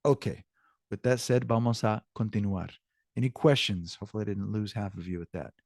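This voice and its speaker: A man teaching an online Spanish lesson in an upbeat, encouraging way, often stopping to correct himself. His voice sits on the low side. The sound is dry and close, with no room around it. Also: a little fast, vocal fry, darkish tone, dry recording.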